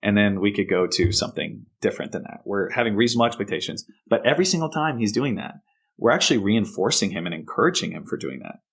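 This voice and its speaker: Man with a low voice explaining calmly. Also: fast, breathy edge. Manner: explanatory, acts out example phrases to kids. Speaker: counselor. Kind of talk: explaining in a podcast interview.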